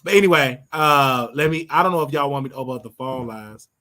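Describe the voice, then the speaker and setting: A man's voice: medium pitch, quick pace, bright, forceful tone. An older man hosting his own show, giving a brash, scolding commentary monologue and drawing out words for emphasis. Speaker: show host.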